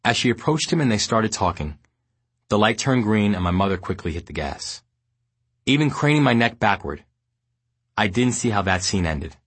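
Low, husky-voiced man reading a memoir. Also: no room sound. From New York, United States. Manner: measured, steady storytelling. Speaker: memoir narrator. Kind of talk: audiobook memoir narration.

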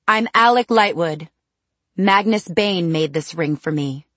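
A woman's voice: lowish voice, unhurried, fairly bright tone, no echo. A woman voicing an earnest, shy young man who speaks plainly.

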